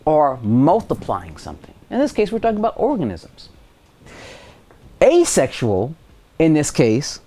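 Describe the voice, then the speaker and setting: A man teaching high school science in a video lesson, telling stories with playful voices for the people he quotes. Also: warm tone.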